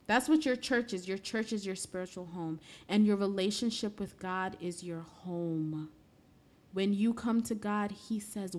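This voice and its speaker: A woman speaking earnestly to her viewers in a conversational faith talk, often dropping soft and low when heartfelt. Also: moderate pace. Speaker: Christian speaker.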